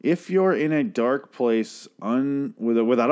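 A man recapping a TV episode in a casual, rambling way, swearing freely, and jumping into high-pitched impressions of the characters. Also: expressive, a little fast, hardly any pauses, darkish tone. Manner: rambling, profane, restarts a lot; mimics characters in a raised voice.

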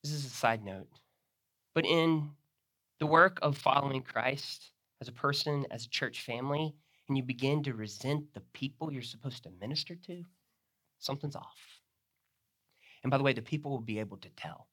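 A man's voice: medium pitch, moderate pace, a bit bright. A man preaching a sermon, expounding a passage and acting out the disciples' words. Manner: expository preaching with dramatic retellings of the text. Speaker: pastor.

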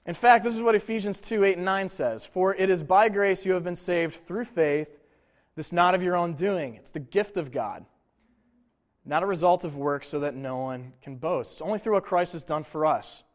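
A male pastor preaching in a relaxed, conversational manner, his voice sitting a little higher than most men's. He mixes scripture reading with casual asides and questions to the congregation. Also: moderate pace. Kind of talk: sermon.

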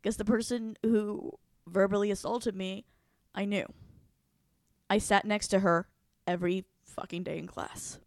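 Woman, mid-pitched, casual storytelling co-host, blunt and expressive, dry close mic. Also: a little slow, dry recording. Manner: candid, swears freely, animated retelling. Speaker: podcast co-host.

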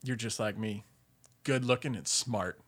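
Odd, soft-spoken drifter as a man retells him, quiet and offbeat. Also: on the low side, measured pace, noisy background, lightly acted. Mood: mellow. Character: odd drifting older man, friendly, rambling.

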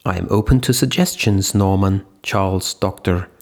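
A man's voice: deep voice, moderate pace. A male narrator voicing a cool, guarded young woman who speaks tersely. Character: cool unblinking petite young woman Eva.

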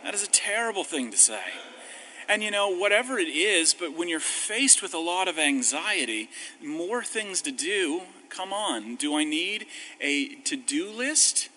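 A male pastor giving a conversational sermon with wry humor, slowing down when reading scripture. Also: on the high side, lively intonation, pushed and bright, low-quality recording. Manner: conversational, self-deprecating humor, slows on scripture.

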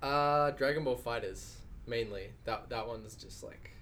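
A man's voice: medium pitch, measured pace, fairly bright tone, a little hiss or hum. A man chatting casually and enthusiastically about games, rambling with fillers.

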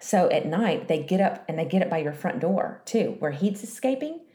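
A woman in her thirties chatting casually, telling a story with lively, acted-out quotes. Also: fairly low pitch, normal speed. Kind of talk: casual chat, animated storytelling. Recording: echoey room.

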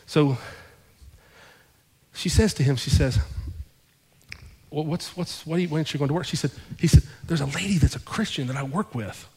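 Slightly high and breathy-edged, a male pastor speaks at a moderate pace with frequent pauses, his voice filling the big sanctuary. He retells a sermon story with animation, acting out each line of dialogue.

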